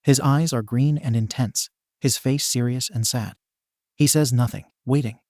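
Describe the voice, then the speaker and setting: A man's voice: mid-range voice, measured pace, a little mellow, dry recording. Man reading a story, dry close sound. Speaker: narrator. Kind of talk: reading a fan fiction story aloud.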